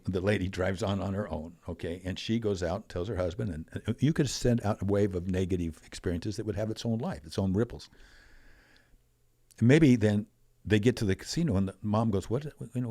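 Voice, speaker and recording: Older man, lowish voice, animated storyteller, dry close sound. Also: dry recording. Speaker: podcast guest. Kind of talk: storytelling in a conversational interview.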